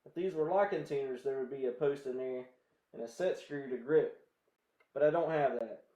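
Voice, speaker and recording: A guitar vlogger from the southern United States, a man with a Southern American accent, chats to viewers in a rambling way while restringing a guitar. His voice is medium-pitched and warm, at a normal speed.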